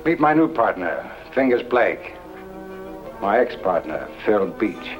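Sneery old-radio outlaw, slow and mocking. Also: male voice, lowish voice, sing-song, muffled recording, soft background music. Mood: taunting. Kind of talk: 1940s radio drama acting.

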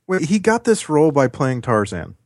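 A man's voice: fairly high pitch, very animated, normal speed, no echo, clean studio sound. A man co-hosting a casual movie chat, making wry, incredulous remarks.

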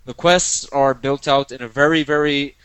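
A man's voice: medium pitch, fairly even intonation, normal speed, a bit bright, clean tone, no room sound, low-quality recording. A man co-hosting a podcast in casual chat, playful and teasing, often repeating himself. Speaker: podcast co-host.

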